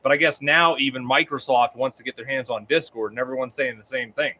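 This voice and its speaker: A man chatting casually as a guest, animated and full of interjections. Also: medium pitch, quick pace, slight background noise. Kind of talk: casual chat.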